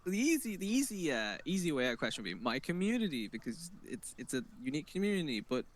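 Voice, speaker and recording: A man's voice: on the high side, sing-song, fast talker. A man guest in a casual podcast chat, laughing often and hesitating with lots of fillers. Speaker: streamer guest.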